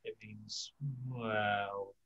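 An older man teaching a Spanish class over a video call, talking slowly with many fillers and restarts. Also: on the low side, little pitch movement, gravelly, a bit bright, dull audio. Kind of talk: online language lesson.

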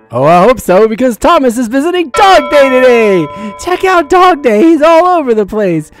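Excitable gameplay host with frequent whoas. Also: sits high, moderate pace, few pauses, music in the background. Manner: exclamatory, lots of whoas and calls to the viewers. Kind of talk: excited gameplay commentary for kids.

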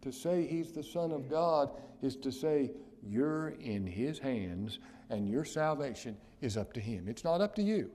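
Preaching from the pulpit, this man speaks at a medium, sing-song pitch. He swings from booming proclamations to quiet, almost whispered passages, lingering heavily on the words that matter most.

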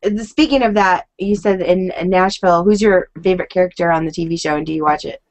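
Chatty woman host, lowish voice. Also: fast. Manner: chatty, upbeat reactions. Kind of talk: casual interview chat.

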